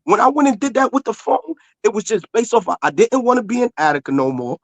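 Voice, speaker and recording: A man's voice: very high voice, sing-song, fast talker, no echo. A man, arguing heatedly in casual talk, insistent and repeating himself to be heard. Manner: insistent, repeats himself, talks over others.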